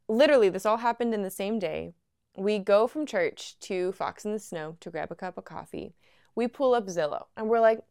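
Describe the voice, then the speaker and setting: A young woman hosting a podcast, telling a personal story at home in a chatty, animated way and laughing often. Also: mid-range voice, moderate pace, clean tone, dry recording, clean studio sound. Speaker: podcast host. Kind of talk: casual storytelling.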